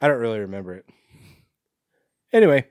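A man co-hosting a podcast talks in a mid-range, slightly mellow voice with a sing-song lilt, moving a little fast. He rambles casually, swears freely, and uses lots of fillers. Studio-quality audio with no room sound.

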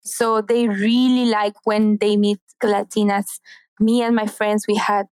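A woman's voice: mid-range voice, little pitch movement, measured pace, a little mellow, clear, resonant tone, no room sound, rough recording. A woman from Mexico with a Mexican accent, a native Spanish speaker, chatting enthusiastically as a podcast guest. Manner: enthusiastic, gushing. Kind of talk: casual interview chat.

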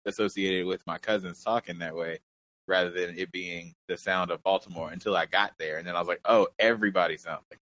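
A man with a notably deep, low voice in a casual conversation. He tells stories in a relaxed, enthusiastic way. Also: a little fast. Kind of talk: casual chat.

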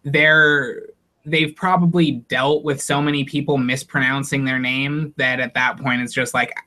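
A man's voice: mid-range voice, flat delivery, unhurried, sharp tone. A man co-hosting a podcast, chatting casually and laying out his point steadily. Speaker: podcast co-host. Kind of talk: casual chat.

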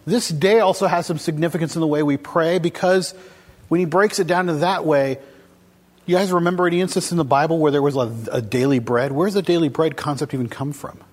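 A man's voice: on the high side, fairly quick. A man preaching a casual, conversational sermon to a congregation, asking them questions as he goes. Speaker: pastor. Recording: long hall reverb.

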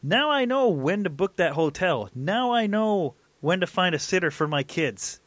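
A man's voice: high-pitched, very animated, moderate pace, a bit bright, dry recording. A man in his thirties hosting a sports podcast, ranting in an irritated, casual way. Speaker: podcast host.

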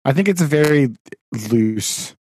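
A man co-hosting a podcast who chats about movies, lively and quick to laugh, with mock-dramatic complaints. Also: on the high side, no room sound, studio quality. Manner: animated, laughs often, exaggerated complaints. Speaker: podcast co-host. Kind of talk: casual movie chat.

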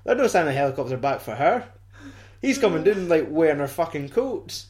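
A young Scottish man with a slightly higher-pitched voice chats casually. His humour is dry and mocking, and he swears freely as he picks a film apart. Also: big pitch swings, fairly quick, darkish tone. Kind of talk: casual chat.

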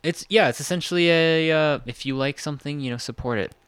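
A man co-hosting a podcast in relaxed casual chat, full of fillers and laughing along. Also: on the high side, fairly quick, smooth, no echo, studio quality. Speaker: podcast co-host.

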